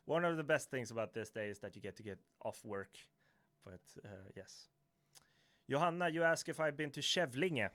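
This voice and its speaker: Swedish man, mid-pitched, casual livestream Q&A host, halting and filler-prone, self-correcting. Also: fairly bright tone, no room sound. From Sweden. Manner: hesitant, filler-heavy, self-correcting, chuckling. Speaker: YouTuber answering chat questions.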